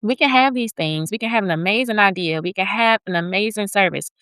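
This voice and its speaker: A woman's voice: medium pitch, brisk, fairly bright tone, clear, resonant tone, dry recording, poor audio. A woman hosting a podcast interview who builds her points in lists and checks in with her listener as she goes. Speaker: podcast host. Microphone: podcast studio mic.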